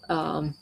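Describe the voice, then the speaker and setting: Slow, gravelly-voiced woman chatting casually. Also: low voice. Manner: meandering, conversational storytelling. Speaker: wildlife photographer. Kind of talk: casual livestream chat with viewers.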